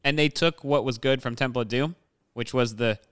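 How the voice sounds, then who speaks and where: A man's voice: mid-range voice, moderate pace, a bit bright, clean tone, no room sound. A young man co-hosting a casual movie podcast, rambling with lots of fillers. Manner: rambling, filler-heavy, laughs often. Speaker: podcast co-host.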